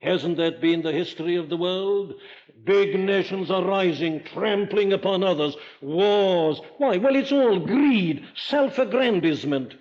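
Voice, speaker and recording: Older Welsh-accented preacher, emphatic and questioning, fairly high voice, dull lo-fi sound. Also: male voice. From Wales. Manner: emphatic, rhetorical questions, rising to forceful declarations. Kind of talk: sermon. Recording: dull lo-fi archival sermon recording.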